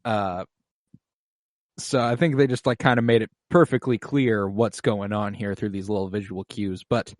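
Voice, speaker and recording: A man's voice: on the low side, fairly even intonation, normal speed, no echo. A man co-hosting a podcast, recapping scenes in casual chat, swearing freely and acting out characters' lines. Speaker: podcast co-host.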